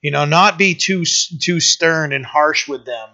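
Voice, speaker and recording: A man, the pastor, giving a conversational sermon with lively asides and frequent restarts. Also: a little high, a little slow, hardly any pauses, highs cut off. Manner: casual, animated, many restarts and asides.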